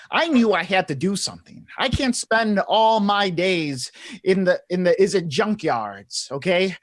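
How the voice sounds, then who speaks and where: A man's voice: sits high, a bit bright, no room sound, exaggerated voice. A man playing an earnest male junkyard worker in a tabletop game, speaking in a dry, close voice.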